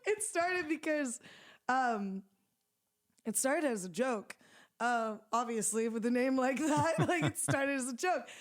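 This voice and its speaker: Casting: young woman, slightly high voice, loose rambling talker full of fillers, laughs easily. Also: lively intonation, measured pace. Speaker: musician guest. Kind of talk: casual interview chat.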